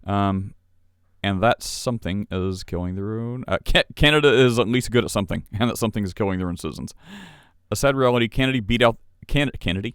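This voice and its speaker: Man, podcast host, smooth resonant voice, dry close sound, casual commentary. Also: lowish voice, fairly quick, fairly bright tone, no echo. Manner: reads articles aloud, puts on mock voices for quoted people.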